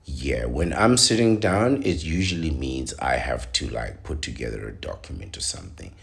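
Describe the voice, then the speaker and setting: Very deep gravelly male host. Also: expressive, normal speed, hardly any pauses, fairly bright tone. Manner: preachy, rants with rising emphasis. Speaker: host reading articles. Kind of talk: opinionated reading commentary.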